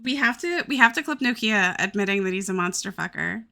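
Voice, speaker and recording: A woman streamer chatting casually with her viewers while she draws, crude, self-mocking and quick to giggle. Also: medium pitch, animated, creaky, pushed and bright. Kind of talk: casual livestream chat while drawing.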